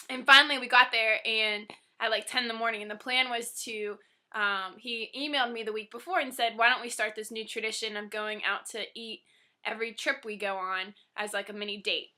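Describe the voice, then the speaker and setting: A woman's voice: on the high side, bright, forceful tone. A young woman in her twenties telling her side of an engagement story to the camera, chatty and teasing her partner.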